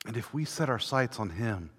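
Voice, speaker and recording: A man preaching a sermon in a church, fervent, swelling from hushed passages to ringing declarations. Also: medium pitch, expressive, moderate pace, breathy edge. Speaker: pastor. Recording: long reverb of a large church hall.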